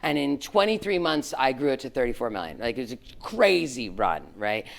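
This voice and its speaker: A middle-aged woman, a former tech executive, telling a story to students in a frank, animated way, full of "like" and "right?". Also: very deep voice, fairly quick, vocal fry. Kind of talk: candid storytelling talk to students.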